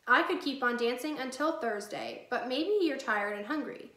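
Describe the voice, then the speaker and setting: A woman reading as calm, odd little girl. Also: on the high side, moderate pace. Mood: eager. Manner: calm, matter-of-fact. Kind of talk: storybook reading. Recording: echoey room.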